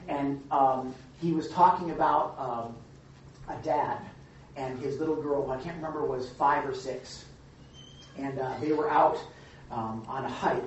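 A man leading an informal Bible study, teaching in a rambling, halting way with many restarts and fillers. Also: a little high, a little hiss or hum. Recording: distant, echoey, lo-fi room recording.

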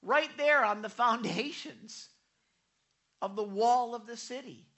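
A woman preaching with a bright, sharp-edged voice. She delivers the sermon in an animated way, stumbling over repeated words as she goes. She slips into the voices of the people she quotes. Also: a little high, slow pace. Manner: animated, frequent stammered repeats; acts out quoted speakers.

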